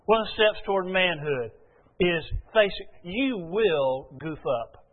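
A man's voice: high voice, expressive, a little slow. A male pastor delivering an earnest, emphatic sermon in a church, often repeating his key phrases. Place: church sanctuary. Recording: phone-like sound in a long-echo hall.

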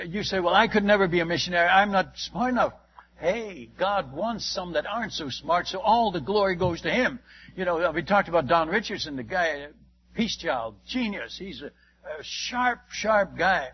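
An older missionary tells a sermon story in a high, husky voice. He talks in an animated way, chuckles often and stumbles over repeated words. The recording sounds dull and lo-fi. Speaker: missionary speaker.

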